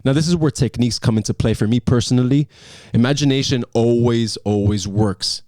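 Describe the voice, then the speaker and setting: A man's voice: medium pitch, fairly quick, no echo, studio quality. A young man talking casually to camera, giving acting advice with energy and emphatic repetition. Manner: energetic, emphatic, repeats key phrases. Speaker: acting coach vlogger.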